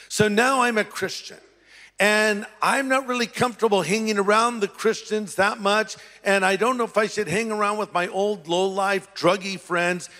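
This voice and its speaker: High-voiced pastor telling his story in an echoing hall. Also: fairly bright tone. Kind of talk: testimony sermon storytelling.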